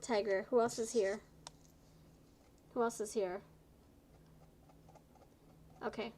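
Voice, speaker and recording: Tired lady doing a live tarot stream, kinda high voice, chatty and encouraging, trips over words, faint hiss behind. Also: steady tone, slow pace, mellow, rough recording. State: tired, low energy. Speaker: tarot reader.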